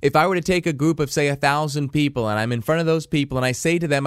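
A man teaches a motivational self-help lesson, his voice sitting a little high. He keeps quizzing the listener with questions in an animated way. The recording is dry and close, with no room sound. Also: fast, few pauses, smooth, no echo.

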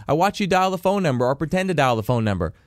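A man teaches a motivational self-help lesson, his voice sitting a little high. He keeps quizzing the listener with questions in an animated way. The recording is dry and close, with no room sound. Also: fast, no echo.

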